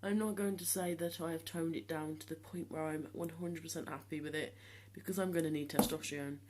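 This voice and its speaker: A seventeen-year-old young man talking casually to the camera in a vlog, hesitant with many ums and restarts, speaking in a voice he has deliberately trained lower. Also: fairly even intonation, a little mellow. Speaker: vlogger.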